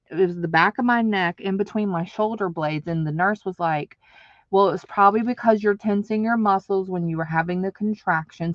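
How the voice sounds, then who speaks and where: A woman, somewhat low-voiced, rambles through a long personal story with lots of fillers and restarts. She sounds tearful in places. The recording is dry and a bit muffled. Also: dry recording. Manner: rambling, emotional, many fillers. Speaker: vlogger. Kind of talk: casual storytelling.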